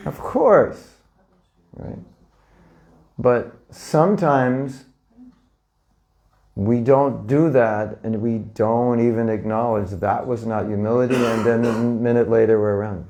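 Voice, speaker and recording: A man's voice: medium pitch, slow pace, pauses often, darkish tone. A man teaching a live audience in a conversational way, often asking them questions and acting out little scenes. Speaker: spiritual teacher. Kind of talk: informal lecture to a live audience.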